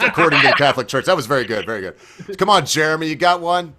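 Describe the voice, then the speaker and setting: A man hosting a casual joke-swapping chat, loud and profane and often laughing. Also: a little high, animated, fast talker. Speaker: host.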